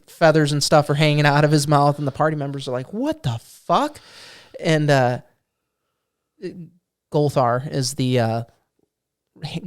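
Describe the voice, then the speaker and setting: A man co-hosting a podcast, casually telling a tabletop game story with plenty of swearing and quick acted-out character lines. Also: mid-range voice, clear, resonant tone. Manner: animated storyteller, swearing freely, acts out goblin quotes. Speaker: podcast co-host. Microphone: studio microphone.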